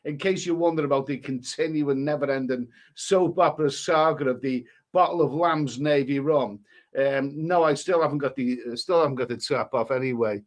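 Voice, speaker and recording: A middle-aged Englishman with a medium-pitched voice hosts a casual live stream at normal speed. In a rambling, chatty way, he reads out viewers' usernames and messages and talks about them.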